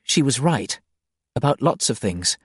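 A man voicing a gentle, anxious woman in an audiobook, speaking softly and quietly. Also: mid-range voice, big pitch swings, a little slow, breathy edge, dry recording, clean studio sound, pitched above the performer's own voice, heavily acted. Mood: tender. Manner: soft, quiet. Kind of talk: audiobook character voice.

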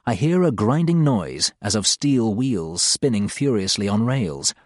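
A male narrator reading a first-person story with dry, wry humor. His pitch moves expressively through each line, and the recording is close and completely dry. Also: big pitch swings, a little slow, dry recording. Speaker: audiobook narrator.

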